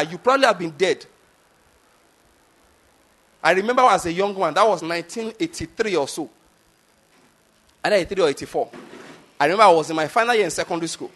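Nigerian male pastor, 50s, high-pitched, emphatic sermon delivery with repeated questions to the congregation. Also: fairly bright tone.

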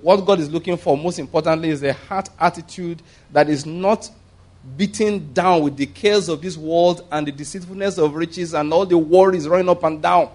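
Animated preacher, high-pitched man. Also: moderate pace. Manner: conversational and humorous, chuckling at his own jokes; animated, jumping up in pitch for emphasis. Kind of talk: sermon.

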